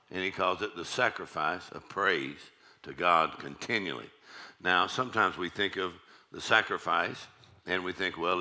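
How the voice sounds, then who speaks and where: A man with a very low, deep voice preaching to his congregation. His tone is strikingly bright and forceful, and he drives his points home by repeating lines and calling out "amen". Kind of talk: sermon.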